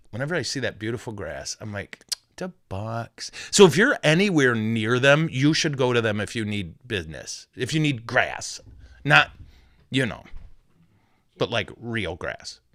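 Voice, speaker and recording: A man's voice: mid-range voice, fairly bright tone, dry recording, clean studio sound. A man, a Catholic priest, hosting a podcast in a casual, joking, rambling way with self-deprecating asides.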